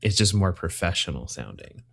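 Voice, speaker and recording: A man's voice: low-pitched, big pitch swings, moderate pace, creaky, a bit bright. A man co-hosting a podcast at home, chatting casually and jokingly, rambling with fillers into his own microphone. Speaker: podcast co-host. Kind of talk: casual chat. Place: home room, separate from co-host.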